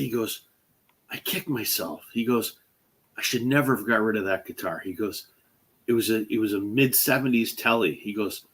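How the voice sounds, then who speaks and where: Hosting a relaxed chat, a man with a fairly low, slightly rough voice talks at normal speed. He tells an animated story, mimicking the voices of people he quotes, with lots of fillers and restarts.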